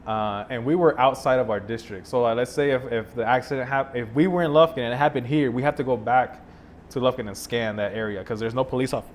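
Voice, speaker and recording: A man's voice: medium pitch, fast talker, a little hiss or hum. Laid-back man telling a story. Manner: animated, laid-back storyteller with many fillers. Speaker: podcast guest storyteller. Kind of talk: casual storytelling.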